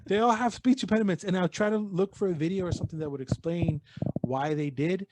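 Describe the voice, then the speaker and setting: A man's voice: high voice, brisk, noisy background. A man co-hosting a podcast, chatting casually and rambling, swearing freely and slipping in bits of Spanish slang. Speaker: podcast co-host. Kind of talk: casual chat.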